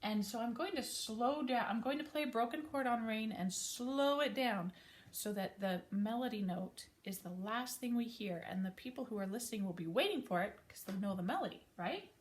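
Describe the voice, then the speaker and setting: Woman teaching piano, higher voice. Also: animated, moderate pace. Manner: casual, friendly explaining with small self-corrections. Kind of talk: relaxed spoken piano lesson. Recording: piano playing between talk.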